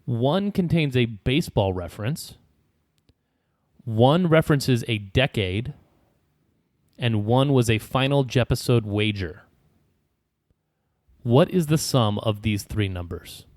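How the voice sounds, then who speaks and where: A man's voice: mid-range voice, animated, slow pace, long pauses, a little mellow, no echo. A man hosting a trivia game on a podcast, reading clues aloud and laughing often. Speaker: quiz host.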